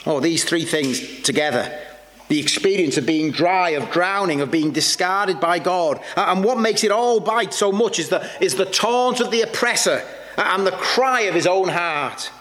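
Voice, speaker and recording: A man preaching a sermon in an earnest, searching way, often halting and repeating words as he reaches for the next thought. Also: sits high, animated, a bit bright. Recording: long reverb with faint background noise.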